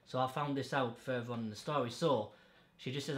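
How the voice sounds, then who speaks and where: With a medium-pitched voice and fairly quick pace, a man hosts a podcast, telling stories bluntly, casually and with plenty of swearing. The chat is recorded in an echoey room.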